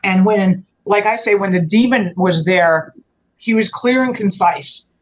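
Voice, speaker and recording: A woman's voice: medium pitch, unhurried, low-quality recording. A woman guest telling a personal story in a conversational way. She often stops and restarts her sentences and lets phrases trail off.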